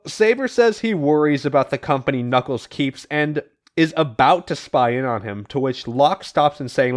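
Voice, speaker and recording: A man's voice: medium pitch, lively intonation, normal speed. A man hosting a casual podcast and recapping comic plots, swearing and laughing as he goes. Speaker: podcast host.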